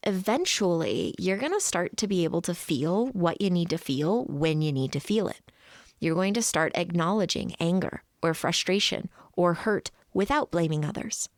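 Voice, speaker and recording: Low-voiced woman podcast host. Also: no room sound, studio quality. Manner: voices her inner thoughts in quick quoted asides; laughs lightly between points. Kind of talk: explaining psychology to listeners.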